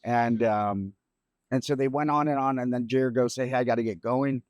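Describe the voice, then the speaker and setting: A middle-aged man, a grieving father, telling a personal story on a podcast in a halting, reflective way with many restarts. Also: medium pitch, fairly even intonation, darkish tone, dry recording, highs cut off. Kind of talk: emotional storytelling.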